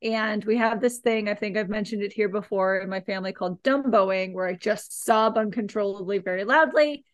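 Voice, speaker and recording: A woman co-hosting a podcast, telling an animated, chatty story and recommending a film. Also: mid-range voice, brisk, no room sound. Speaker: podcast co-host. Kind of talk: casual chat, recommending a film.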